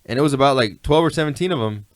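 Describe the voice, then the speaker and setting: A man's voice: mid-range voice, expressive, racing, no room sound. A man telling stories in a laid-back, rambling way, often asking "you know what I mean". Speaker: guest. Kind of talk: casual storytelling chat.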